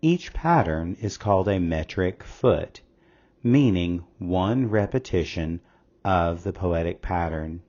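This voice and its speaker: A man narrating a scripted English lesson in a slow, measured, explanatory way. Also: sits low, lively intonation, darkish tone. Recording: slightly dull lo-fi audio.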